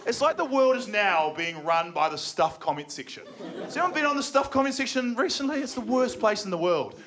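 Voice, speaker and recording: A young New Zealand man doing stand-up comedy live, sarcastic and excitable, now and then jumping into shouted mocking voices. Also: sits high, fairly quick. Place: comedy venue with live audience. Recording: live show with audible crowd. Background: audience laughter.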